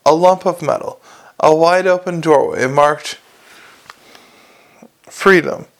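A man's voice: on the high side, slow pace. A man reading a comic fantasy novel aloud, with a dry, wry delivery. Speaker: audiobook narrator.

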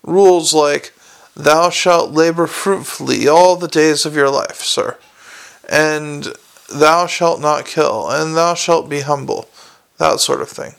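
A man's voice: a little high, steady tone, slow pace, vocal fry, a bit bright, clear, resonant tone, full character voice. A man reading an audiobook, voicing a prim, pious young constable who speaks earnestly and reproachfully.

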